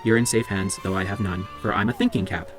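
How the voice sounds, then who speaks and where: A man's voice: lowish voice, steady tone, fast, faint music behind, close to an everyday voice. A man reading the part of an old magic talking hat, wise and teasing, reciting rhymes in a sing-song way.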